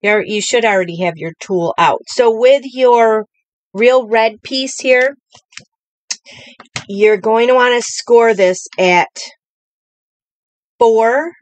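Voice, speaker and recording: A woman's voice: fairly high pitch, slow pace, long pauses, dry recording. A woman hosting a live-streamed craft tutorial from a home craft table, talking in a chatty, rambling way with many fillers. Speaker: craft demonstrator.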